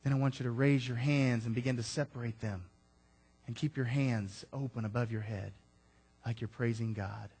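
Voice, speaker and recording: A man preaching a sermon to his congregation, rising loud on key lines and dropping into casual asides to listeners. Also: medium pitch, fairly even intonation, normal speed, husky. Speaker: pastor.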